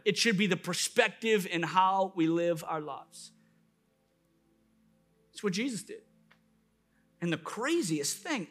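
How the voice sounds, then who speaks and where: A man's voice: sits high, animated, slow pace, long pauses, a bit bright, soft background music. A man preaching a sermon as a pastor, building with emphatic, repeated questions. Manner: impassioned preaching with rising emphatic repetition.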